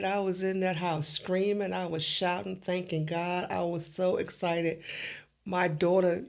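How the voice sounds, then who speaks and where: A middle-aged woman, an interview guest, telling her story in an animated way and acting out the dialogue. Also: lowish voice, measured pace, gravelly.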